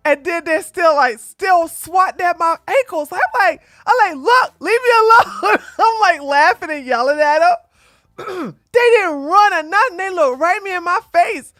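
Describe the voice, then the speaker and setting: A woman hosting her own channel, telling a casual story to her audience in an animated way and laughing often as she talks to the ladies. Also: extremely high pitch, unhurried, dry recording, studio quality. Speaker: commentary channel host.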